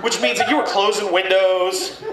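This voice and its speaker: A man performing a crude, animated stand-up comedy set in a packed club. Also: high-pitched, normal speed, far from the mic. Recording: echoey room mic'd from afar, loud crowd laughter.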